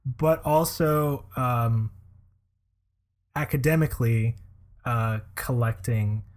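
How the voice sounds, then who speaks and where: A man's voice: mid-range voice, slow pace. Hesitant, laughing young man chatting. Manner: hesitant, laughs often, many "uh"s. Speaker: podcast co-host. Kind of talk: casual chat.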